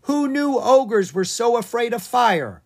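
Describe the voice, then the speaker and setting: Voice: mid-range voice, lively intonation, slow, voice pushed up. A reader voicing a timid young boy dragon who talks nervously and stammers, in a children's storybook reading. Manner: jittery, stammering.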